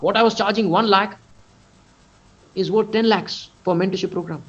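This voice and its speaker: A man's voice: sits high, a bit bright. A man with an Indian English accent giving a motivational webinar talk as a mentor, emphatic and repeating phrases for stress. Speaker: mentor and coach. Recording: lo-fi webinar audio.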